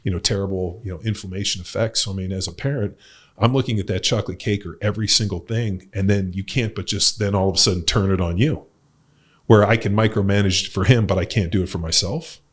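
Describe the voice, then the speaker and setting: In casual podcast chat, a middle-aged host and coach rambles loosely with lots of fillers and plain swearing. His voice is deep and his delivery fast.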